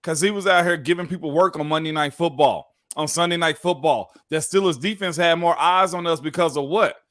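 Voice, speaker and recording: A man hosting a casual sports talk show, laid-back and drawn-out, often calling his co-host "man". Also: fairly high pitch, fairly bright tone. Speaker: host, former football player. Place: Tennessee.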